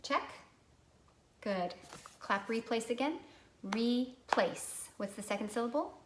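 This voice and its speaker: A woman's voice: on the high side, lively intonation, moderate pace, noisy background. A woman teaching a recorded phonics lesson to young children, patient and prompting them to repeat words.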